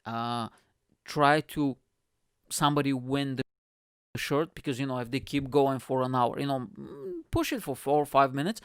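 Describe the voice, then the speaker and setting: A young man with an Eastern European accent, hosting a podcast and telling a story in a casual, animated way, swearing freely and acting out what people said. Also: mid-range voice, moderate pace, clear, resonant tone, no room sound, clean studio sound. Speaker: podcast host.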